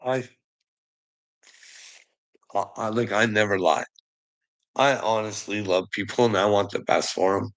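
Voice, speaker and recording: A man in a profane, emotional rant who swears constantly, laughs between lines and swings from low muttering to shouting. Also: fairly even intonation, unhurried, pauses often, poor audio.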